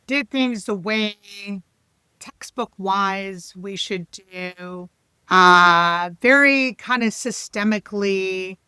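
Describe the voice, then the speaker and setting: Woman, 50s, coach guest. Bright, smooth voice, chatty and animated, dry sound. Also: mid-range voice, no echo. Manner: chatty and animated, with laughs and restarts. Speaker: leadership coach, podcast guest. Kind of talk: casual podcast interview.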